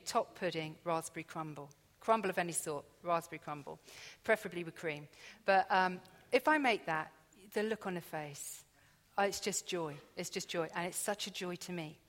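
A woman's voice: on the low side, moderate pace, a bit bright. A woman preaching a conversational sermon, chatty and confiding, acting out her own inner dialogue as she tells stories. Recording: echoey hall.

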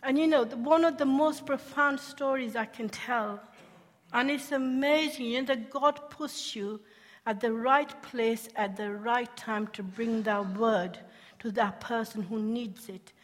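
A woman telling her conversion-mission testimony as a sermon, animated and laughing often, asking her listeners questions. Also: fairly high pitch, measured pace. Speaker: speaker sharing a testimony. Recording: long hall reverb.

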